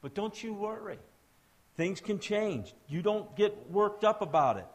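A male preacher in full flow, swinging from quiet, low passages to loud, high-pitched appeals. He speaks straight to the young people and adults in the room and draws answers from them. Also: animated, a little slow. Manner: swings between soft and loud, rising to emphatic exhortations; addresses young people and adults directly, with call and response. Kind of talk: sermon.

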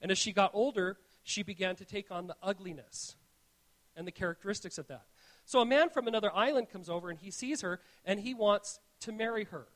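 High-voiced man preaching an earnest sermon. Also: fairly quick, a bit bright. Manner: earnest, storytelling, frequent restarts. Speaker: pastor. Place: church.

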